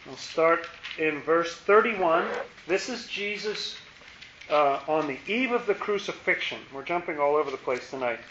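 A man's voice: a little high, expressive, normal speed, fairly bright tone, slight background noise. A man leading a Bible study in a conversational way, repeating words and asking his listeners questions. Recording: echoey room, muffled lo-fi sound.

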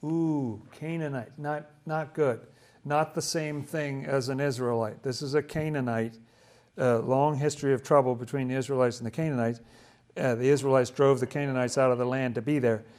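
A man's voice: mid-range voice, steady tone, normal speed, darkish tone. A man leading a casual Bible study, explaining passages with enthusiasm and asking questions as he goes.

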